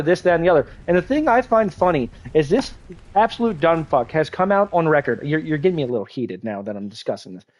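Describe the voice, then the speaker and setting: A young man ranting while he streams a game. His voice sits fairly high, and his rambling is heated and full of swearing and false starts. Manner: heated, profane, rambling rant with many restarts. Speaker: gaming livestreamer. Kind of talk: ranting live-stream commentary while gaming. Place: at home at a game console.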